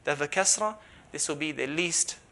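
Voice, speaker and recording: Patient male instructor, slightly high pitch, classroom lesson with loud spoken demonstrations. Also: a little fast. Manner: explains patiently, repeats syllables loudly to demonstrate. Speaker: Quran recitation teacher.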